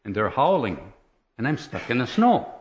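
A man telling a personal testimony as a lively story, often chuckling and checking in with "right?" and "okay?". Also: mid-range voice, moderate pace, dull audio, background noise.

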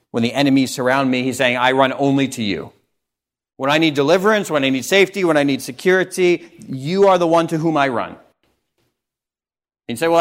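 A male pastor giving an earnest, emphatic sermon, reading scripture and stressing key phrases. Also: mid-range voice.

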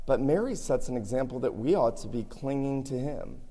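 A pastor's sermon echoes with long hall reverb through the church sanctuary as he builds earnestly to emphatic peaks. His somewhat scratchy voice is medium-pitched, dark in tone and expressive, moving at a moderate pace.

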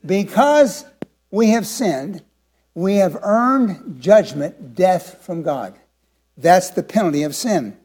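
A man in his seventies, a pastor preaching a sermon, asking the congregation rhetorical questions and moving between quiet and emphatic delivery. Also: sits high, expressive, slow pace. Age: 70s.

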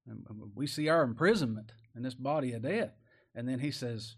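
A man preaching a sermon, reading old-style scripture and commenting in plain, folksy talk. He swings from loud emphatic peaks to low, quiet asides. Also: expressive, brisk, husky. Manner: reads old-style scripture verses aloud.

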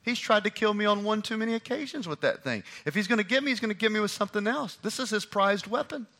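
A man preacher delivering a lively, conversational sermon and acting out a scripture story. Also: high voice, quick pace.

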